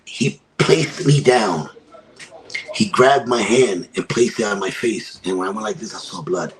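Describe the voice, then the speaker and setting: A man's voice: on the low side, a little slow, rough recording. A man, a guest on a podcast, tells a dramatic personal story with emphasis and repeated phrases. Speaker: podcast guest from a wrestling promotion.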